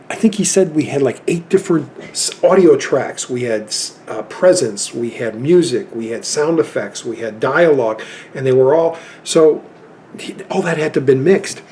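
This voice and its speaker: A man's voice: on the high side, lively intonation, normal speed, a little mellow, slight background noise. A man in his fifties telling rambling anecdotes in a casual chat about his film collection.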